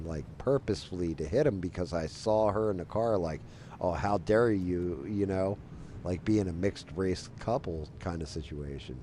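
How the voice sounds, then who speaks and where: This forties-aged game streamer speaks low and dark, rambling casually through a lengthy tale as he plays. Filler words, especially "like," crowd his loose delivery, and there's a slight hiss or hum in the background.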